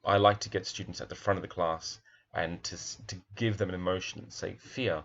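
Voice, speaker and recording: A man's voice: sits low, little pitch movement, fairly quick, creaky, fairly bright tone, dull audio. A man, a primary school teacher, talks thoughtfully through a picture book, admiring its pages and asking questions aloud.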